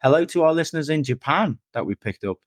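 A man's voice: on the high side, lively intonation, fast talker, no echo, clean studio sound. A man hosting a podcast, casual and jokey, laughing easily. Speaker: podcast host. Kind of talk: casual chat.

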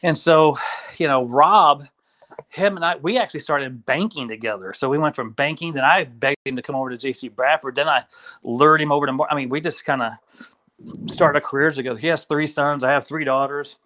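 A man, a guest on an interview show, telling his story in a casual, animated way, acting out the voices of people he quotes. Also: on the high side, a little fast. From Kentucky.

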